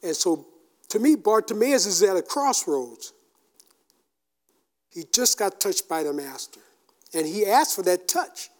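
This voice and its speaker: A man preaching a sermon in a casual, conversational way, acting out quotes and breaking into shouts. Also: sits high, unhurried, pauses often. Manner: animated, shouts out acted quotes; casual, conversational with fillers and restarts. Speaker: pastor.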